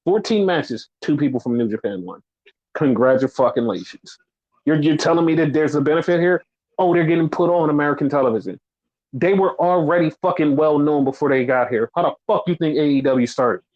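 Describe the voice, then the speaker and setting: A man's voice: on the high side, fairly quick, darkish tone. Ranting man, profane and sarcastic. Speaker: podcast host. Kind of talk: casual chat. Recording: dull lo-fi audio.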